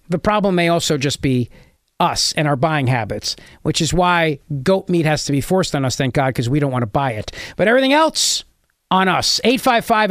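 A man's voice: high-pitched, fairly bright tone, dry recording, studio quality. A man hosting a call-in talk radio show, sarcastic and mocking as he takes calls. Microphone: studio mic.

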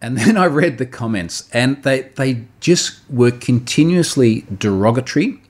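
A man's voice: medium pitch, lively intonation, measured pace, a little mellow. A man, a podcast host animatedly recounting a story in casual chat, often repeating words and laughing.

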